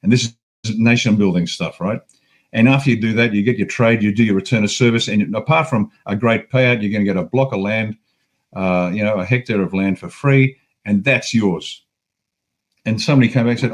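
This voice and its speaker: A man's voice: on the low side, fairly quick. A man with an Australian accent, a guest on a talk show, delivering an angry, profane political rant with heavy emphasis.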